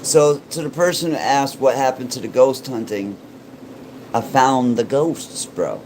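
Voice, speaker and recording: A man's voice: medium pitch, unhurried, darkish tone, a little hiss or hum, rough recording. A man who is a paranormal YouTuber, joking and rambling in casual vlog chat.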